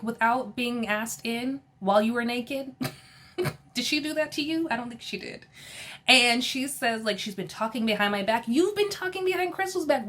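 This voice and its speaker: A woman recapping a reality show in a casual, opinionated way, animated and sassy, often laughing and quoting people in exasperated voices. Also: fairly high pitch.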